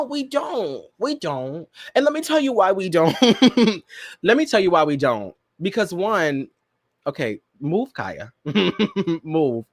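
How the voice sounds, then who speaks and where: Animated high-voiced man hosting a chat show. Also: no echo, clean studio sound. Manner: animated, dramatic, laughing often. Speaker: podcast host. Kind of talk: casual pop-culture commentary.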